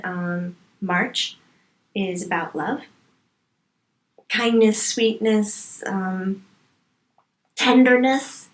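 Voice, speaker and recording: A woman delivers a channeled spiritual talk as a medium, leaning on repeated words to drive points home. She speaks at a slow, unhurried pace, her voice set at a middling pitch. The room adds a noticeable echo. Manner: emphatic, repeats words for stress. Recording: roomy echo.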